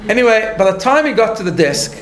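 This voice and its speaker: A man, a rabbi, giving a conversational lecture, telling a story in an animated way with light laughter at his own asides and frequent restarts. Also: high voice, quick pace, roomy sound, a little hiss or hum. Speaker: rabbi teaching a class.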